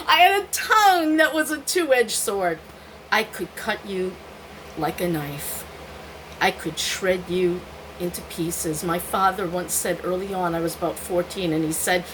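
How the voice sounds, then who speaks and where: A woman's voice: medium pitch, animated, takes it slowly, fairly bright tone, a little hiss or hum, low-quality recording. An older woman vlogging, telling candid stories from her own life and often laughing at herself. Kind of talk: personal storytelling to camera.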